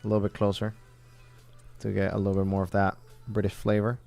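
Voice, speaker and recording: A man's voice: fairly low pitch, completely flat delivery, brisk, creaky, darkish tone, faint music behind. A man from the southern United States chatting casually on a livestream while building a phone kit, rambling and thinking aloud as he works.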